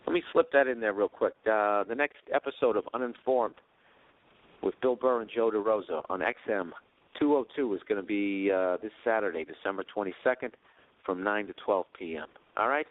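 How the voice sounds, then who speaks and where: A man's voice: lowish voice, a little fast, dry recording. A man hosting a podcast, telling profane stories in a casual, rambling monologue and acting out the voices of other people. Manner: profane storytelling, acts out quotes. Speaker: podcast host. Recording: dry tinny phone-like sound.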